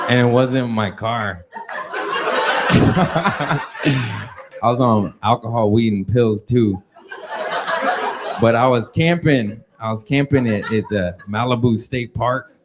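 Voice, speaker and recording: A man telling a crude, profane story stand-up style, laughing as he talks. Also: fairly low pitch. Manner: laughing through his own story, loose and crude. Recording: noisy recording with clicks.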